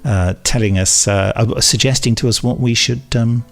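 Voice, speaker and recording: A man's voice: mid-range voice, steady tone, moderate pace, creaky, soft background music. A man co-hosting a podcast in casual chat, reading out listener emails and laughing at his own slips. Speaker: podcast co-host.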